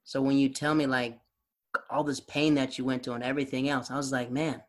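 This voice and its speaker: A man's voice: medium pitch, flat delivery, a little fast. A man hosting a podcast, chatting casually and asking teasing questions. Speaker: podcast host. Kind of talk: casual interview chat.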